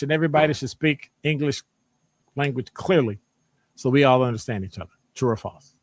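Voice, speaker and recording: A man with a Midwestern American accent, presenting a live online session. He reads out audience answers, quizzes them and teases them in an animated, joking way. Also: mid-range voice, fairly quick, no room sound. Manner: animated, jokey, teasing the audience. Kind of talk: live-streamed lecture with chat.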